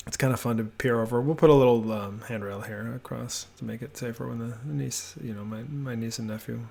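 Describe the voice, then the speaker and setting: A man narrates a house-tour voiceover from his home office, talking at an ordinary, middle pitch. His delivery is relaxed and rambling, with plenty of fillers and restarts. A gravelly fry runs through the voice. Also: fairly quick, few pauses. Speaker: homebuilding vlogger.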